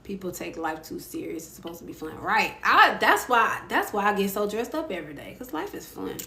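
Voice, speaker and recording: A woman hosting a casual livestream chat in a playful, chatty way, laughing often and squealing high when excited. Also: fairly quick, gravelly. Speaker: livestream host. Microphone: phone mic. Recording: roomy with faint ambient noise.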